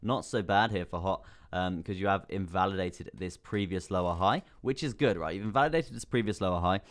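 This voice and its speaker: A man's voice: low voice, a little fast. A man hosting a live crypto stream, talking casually through chart analysis, repeating phrases and calling viewers bro. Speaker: crypto livestream host.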